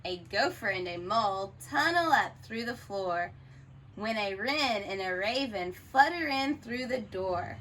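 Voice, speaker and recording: A woman's voice: mid-range voice, animated, a little slow, fairly bright tone, slight background noise, rough recording. A woman teacher reading a children's picture book aloud, expressively, and stopping to ask the listener questions.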